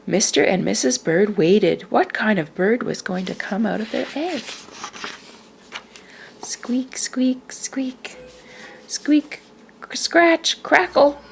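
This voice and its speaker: A woman reading a children's picture book aloud in a slow, expressive way. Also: mid-range voice, creaky. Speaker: storyteller.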